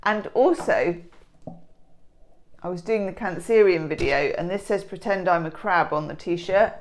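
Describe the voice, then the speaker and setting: A woman's voice: fairly low pitch, a little slow. A middle-aged woman, rambling and joking with herself through a daily tarot reading in her home kitchen. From England. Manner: rambling, self-mocking, giggly asides. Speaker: tarot reader.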